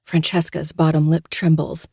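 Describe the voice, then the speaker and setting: A woman's voice: deep voice, monotone, moderate pace, dark tone, slightly rough, dry recording. A woman podcast host narrating a novel in the first person, in a dry, sardonic manner. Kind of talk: audiobook narration.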